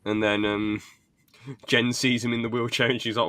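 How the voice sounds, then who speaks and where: Young bloke rambling about tv scenes, smooth lowish voice, dry sound. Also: male voice, little pitch movement, moderate pace, sharp tone, no room sound. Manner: rambling, laughs while retelling scenes. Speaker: podcast co-host. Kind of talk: casual chat recapping a sitcom.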